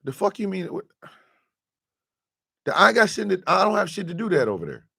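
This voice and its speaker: A man hosting his show, talking to his audience in an impassioned, profane monologue that swings from quiet confession to loud outrage. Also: sits high, sing-song, a little fast, vocal fry, slightly rough.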